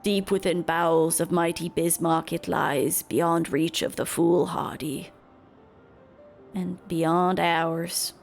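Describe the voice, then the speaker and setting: A woman's voice: on the low side, steady tone, slow, gravelly, faint music behind. A woman voicing a solemn birdlike tribal elder with broken, formal country-bumpkin speech.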